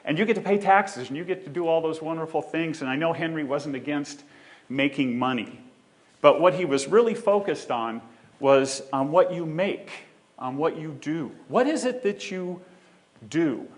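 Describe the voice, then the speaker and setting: A man's voice: a little high, normal speed. A man giving a conference talk on a theater stage, joking with the audience and walking as he speaks. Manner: joking, animated, walks while speaking.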